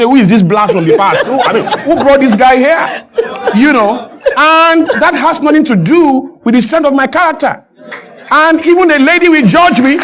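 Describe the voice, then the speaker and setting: A man, a guest speaking emphatically on a talk show and building to loud, animated peaks. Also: very high voice. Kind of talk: impassioned talk-show discussion.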